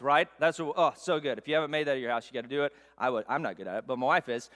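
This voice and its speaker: A man preaching a sermon, telling a self-mocking story in an animated way. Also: mid-range voice, very fast, few pauses. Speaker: pastor. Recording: long hall reverb.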